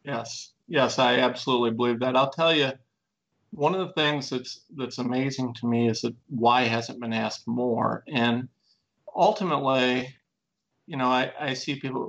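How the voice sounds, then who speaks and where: A man talks with a gravelly edge, earnest and emphatic, often pushing his pitch up as he presses a point. The sound is dull and lo-fi. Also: normal speed, fairly bright tone. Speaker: plaintiff in a lawsuit. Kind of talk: conversational interview talk.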